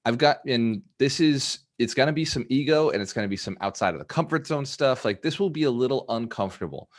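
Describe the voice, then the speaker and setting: Casting: upbeat male mentor hosting a live video call, coaching his group with drive. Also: medium pitch. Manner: energetic, motivational, laughs often. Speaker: host and business mentor.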